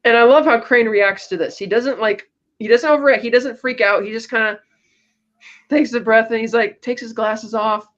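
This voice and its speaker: High-voiced woman recapping a movie. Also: normal speed, dull audio. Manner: retells scenes with quoted lines and laughs. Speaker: podcast co-host.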